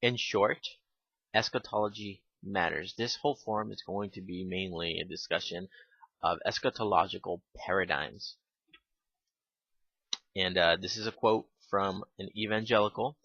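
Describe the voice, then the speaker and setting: A man giving casual spoken commentary, halting with fillers and restarts, and given to irritated asides. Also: low-pitched, fairly even intonation, a bit bright, husky, no echo. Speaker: video commentator. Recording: dull lo-fi home recording.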